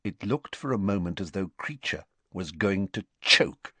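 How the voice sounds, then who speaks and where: Audiobook narration: male reader, slow and lively in pitch, dry close recording. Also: breathy edge, no echo. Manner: expressive, unhurried storytelling. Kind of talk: scripted narration.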